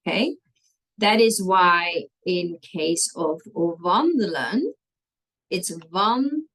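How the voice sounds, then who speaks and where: A woman's voice: on the low side, expressive, takes it slowly, fairly bright tone, poor audio. A woman, teaching a language lesson and patiently walking through spelling rules step by step, often checking in with "okay?".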